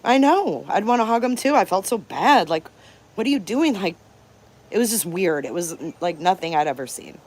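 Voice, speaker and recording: A woman's voice: on the low side, expressive, normal speed, darkish tone. A woman in her fifties from Detroit, hosting a live stream and telling stories in a candid, profane, emphatic way. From Detroit, Michigan. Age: 50s. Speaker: channel host. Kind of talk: live-stream storytelling chat.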